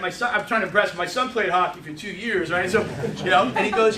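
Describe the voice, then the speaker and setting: A man's voice: high-pitched, pushed and bright, a little hiss or hum. A middle-aged man giving a sales training talk to a group, telling stories in a rush, with many restarts. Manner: fast storytelling with lots of restarts. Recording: echoey room, mic from a distance.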